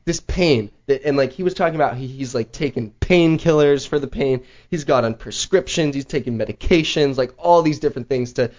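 A man hosting a show, telling a story in casual chat, rambling with lots of "like" and an animated manner. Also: medium pitch, fairly quick, hardly any pauses. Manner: rambling, heavy use of "like", animated retelling. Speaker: podcast host. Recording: slightly dull lo-fi audio.

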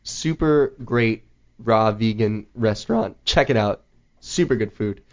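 A man hosting a show, telling a story in casual chat, rambling with lots of "like" and an animated manner. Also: on the low side, a little slow. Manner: rambling, heavy use of "like", animated retelling. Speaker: podcast host. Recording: slightly dull lo-fi audio.

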